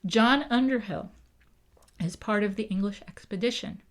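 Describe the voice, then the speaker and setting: Speaking at medium pitch and normal speed, a town historian shares history during a casual podcast interview. She is lively, voices the people she quotes, and often adds "right?" to check in.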